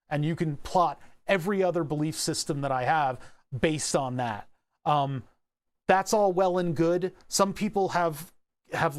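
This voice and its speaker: A man livestreaming, chatting casually while working on electronics, rambling with profane, laughing asides. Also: on the high side.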